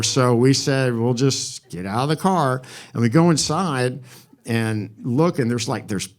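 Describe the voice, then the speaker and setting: A man's voice: mid-range voice, normal speed. A man in his sixties tells a personal story on stage. He speaks candidly with some swearing and acts out the quoted dialogue.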